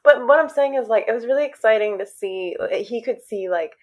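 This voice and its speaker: Bubbly woman cohost chatting on a podcast, lively and giggly. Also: a little high, brisk. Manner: bubbly and animated, laughs often. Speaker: podcast co-host. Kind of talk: casual chat.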